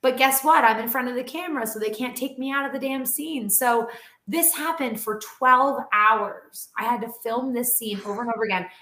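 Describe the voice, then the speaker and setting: A woman who trains dogs and animal talent, telling a story in a casual interview with animated, chatty energy and lots of "like.". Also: a little high, normal speed. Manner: animated, chatty, heavy use of "like". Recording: roomy echo.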